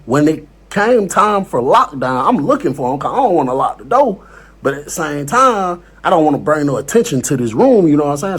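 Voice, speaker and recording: A man's voice: a little high, husky. A man casually telling a story from prison, slangy and laid-back, full of "bro" and "you know what I'm saying".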